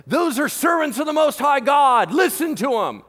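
A man voicing a demon-possessed young girl who keeps shouting the same phrase at people. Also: very high-pitched, big pitch swings, normal speed, voice pushed up, exaggerated voice. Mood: shrill insistent. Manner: shrieking, insistent repetition. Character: shrill demon-possessed fortune-telling slave girl. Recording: long hall reverb.

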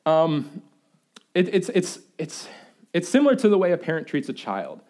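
Animated young male pastor preaching. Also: fairly high pitch, normal speed. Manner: animated storytelling, excitable and playful. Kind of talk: sermon. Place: church.

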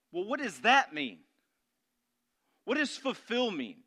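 A man's voice: high-pitched, very animated, slow pace, long pauses. A man preaching a sermon as pastor, emphatic, putting questions to the congregation and answering them himself. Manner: emphatic, rising to loud declarations.

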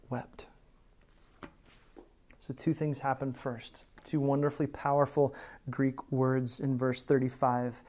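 Brief: male pastor mid-sermon, earnest, talks to the congregation like friends, drops to a hush then builds. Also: fairly high pitch. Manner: earnest, shifts from hushed to emphatic; conversational asides to the congregation.

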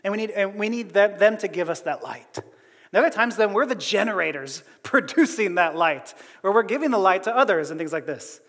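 A man preaching a conversational sermon as a pastor, animated and often laughing between phrases. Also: high voice, fairly quick, in a large hall.

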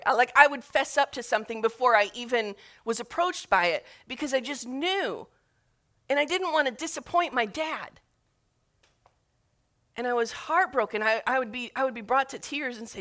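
A woman's voice: a little high, animated, moderate pace, fairly bright tone. A woman preaching a sermon in an earnest, emotional way, retelling scripture and her own memories. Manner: earnest and emotional, with rising intensity on appeals.

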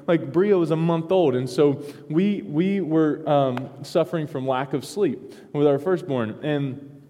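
A middle-aged man preaching, spinning a personal story with loose restarts and soft chuckles. His voice is mellow and dark, and it carries a long reverb from a large church sanctuary. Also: a little high, unhurried. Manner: rambling with many restarts and chuckles. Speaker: pastor. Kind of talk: sermon storytelling.

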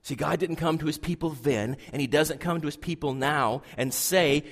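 A man preaching a sermon to a congregation, swinging from loud emphasis down to hushed, near-whispered lines. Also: a little high, lively intonation, normal speed, few pauses. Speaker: pastor. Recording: long hall reverb.

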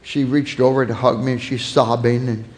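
A man preaching a sermon on parenting, earnest and warm, softening when he tells a family story. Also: mid-range voice, level tone, normal speed. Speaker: pastor teaching on parenting. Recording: long hall reverb.

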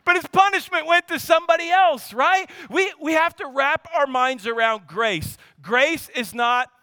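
A man's voice: very high-pitched, animated, normal speed, bright, forceful tone, dry recording, in a large hall. A man in his thirties preaching a sermon in an earnest, emphatic, conversational way.

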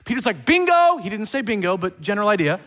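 Male pastor, slightly high voice, animated storyteller, casual sermon. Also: rapid-fire. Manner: animated storytelling with acted quotes and asides. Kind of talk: casual sermon retelling scripture.

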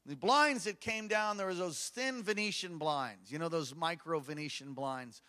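A middle-aged man from Hawaii, preaching a sermon as a pastor, telling a story with passion and swinging from hushed tones to shouts. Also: a little high, normal speed.

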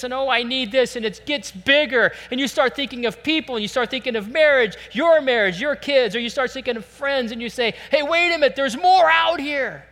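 An earnest male pastor delivers a sermon at a church service, his voice high and bright. He preaches with animation and drops into heartfelt prayers spoken in the first person. A long reverb from the church hall trails behind him.

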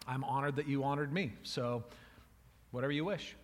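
A man's voice: mid-range voice, normal speed, big-room sound, slight background noise, close to an everyday voice. A man doing an easygoing god of wine. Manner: casual, easygoing. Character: laid-back male god of wine.

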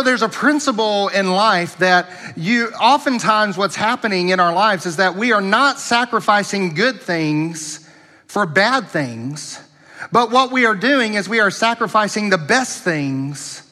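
Preacher guy, kinda high bright voice, folksy stories, big church echo. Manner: folksy storytelling, chuckles often. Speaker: pastor. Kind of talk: sermon. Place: church sanctuary.

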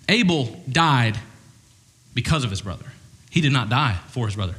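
A man pastor preaching a sermon to a congregation in an animated, conversational way, with jokey asides. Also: medium pitch, a little fast, long reverb tail. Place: church hall with congregation.

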